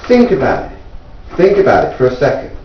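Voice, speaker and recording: A man from England, a self-taught inventor, earnestly explaining his device and insistently challenging viewers to prove it wrong, rising in pitch as he pleads. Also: wildly swooping pitch, fairly quick. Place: indoors at home. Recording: echoey room, distant mic, dull lo-fi sound.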